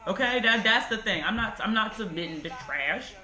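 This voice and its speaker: A woman in her twenties vlogging at home in a blunt, frustrated, animated way. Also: mid-range voice, normal speed, roomy sound, faint music behind, rough recording. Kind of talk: casual talking-head vlog rant. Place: home bedroom corner.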